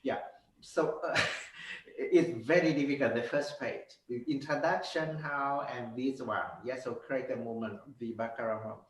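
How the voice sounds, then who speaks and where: A man giving a piano master class, coaching in halting, simple phrases with many fillers and sung notes. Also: mid-range voice, a little hiss or hum. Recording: roomy, from far off, with piano.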